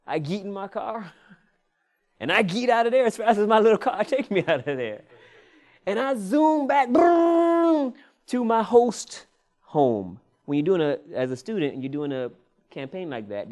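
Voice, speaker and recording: A male preacher telling a personal story in a sermon, animated and often laughing, drawing "Amen" responses. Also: fairly high pitch, normal speed.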